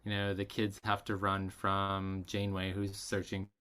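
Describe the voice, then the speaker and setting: A man's voice: deep voice, monotone, unhurried, sharp tone, clear, resonant tone. A man co-hosting a podcast in casual chat, agreeable and easygoing, filling gaps with ums as he thinks. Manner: agreeable, many fillers and restarts. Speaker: podcast co-host.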